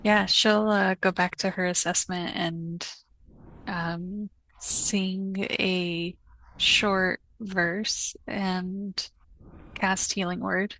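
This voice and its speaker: A woman's voice: medium pitch, bright, forceful tone, rough recording. A woman player describing her character's actions hesitantly at a tabletop game. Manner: hesitant, many fillers.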